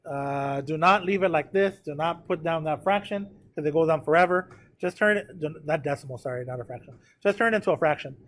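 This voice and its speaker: A man's voice: on the high side, a little fast, fairly bright tone. A man teaching a math lesson, working through a graph step by step, counting aloud and addressing his students directly.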